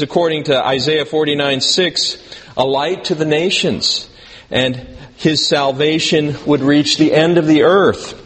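Man preaching, conversational sermon, asks the congregation questions, dry humor, long hall reverb, faint hiss. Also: a little high. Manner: dry self-deprecating humor. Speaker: pastor.

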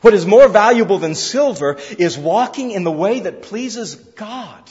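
A man's voice: high voice, expressive, measured pace, darkish tone. A man preaching a sermon at a church service, earnest and repetitive, building to emphatic calls. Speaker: pastor. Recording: roomy hall, slightly dull sound.

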